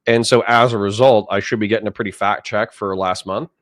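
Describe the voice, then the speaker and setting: Speaking fairly quickly in a fairly low, mostly even voice, a man hosts a laid-back livestream. He's drowsy and yawning as he rambles along, making fun of himself.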